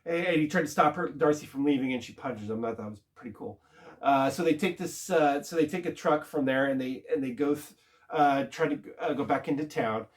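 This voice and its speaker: A man casually recapping a TV episode, rambling and halting with lots of filler words. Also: fairly high pitch. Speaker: TV show reviewer.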